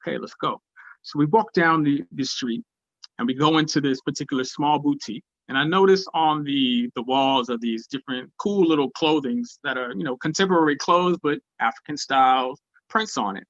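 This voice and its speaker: A man giving a spiritual talk, telling a personal story in an animated way and acting out the voices of people in it. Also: a little high, normal speed, no echo, lo-fi sound. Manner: animated, acts out quoted voices. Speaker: speaker at a spiritual gathering.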